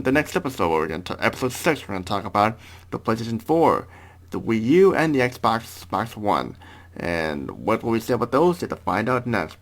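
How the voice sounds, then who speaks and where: A man hosting a casual gaming podcast, often halting and repeating words as he wraps up. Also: medium pitch. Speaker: podcast host.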